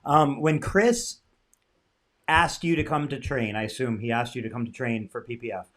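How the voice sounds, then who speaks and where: A man's voice: medium pitch, normal speed, a bit bright. A man hosting a podcast, who asks questions casually and encourages his guest with the occasional joke. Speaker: podcast host.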